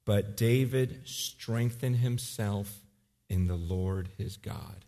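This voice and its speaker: A man in his forties preaching a sermon, acting out emotional scenes, then turning quiet and earnest. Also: fairly low pitch, slow, long reverb tail. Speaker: pastor.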